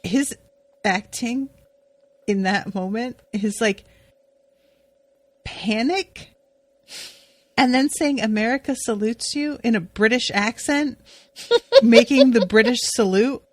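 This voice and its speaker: A woman co-hosting a podcast recaps a TV episode in relaxed, chatty talk packed with "like" and the occasional swear. Her voice is fairly high, and she speaks slowly with frequent pauses. There's no room sound.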